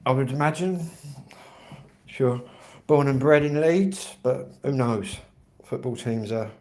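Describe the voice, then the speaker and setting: This livestream host is a middle-aged man from Kent, England, with a mid-range, slightly mellow voice and an unhurried delivery. He rambles chattily to viewers, dropping in lots of fillers.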